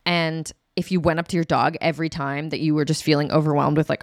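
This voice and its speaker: A woman's voice: low voice, level tone, fast, few pauses, no echo, clean studio sound. A woman explaining sex and attraction in a candid, chatty way as an educator, acting out quotes with laughs. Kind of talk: casual educational talk to camera.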